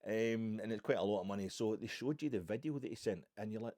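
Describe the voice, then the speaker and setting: A man from Ayrshire with a Scottish accent, chatting on his own about football in a rambling, animated way, full of asides and restarts. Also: lowish voice, fast talker, few pauses, dry recording, clean studio sound. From Ayrshire, Scotland. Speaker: football podcast host. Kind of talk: rambling solo football chat.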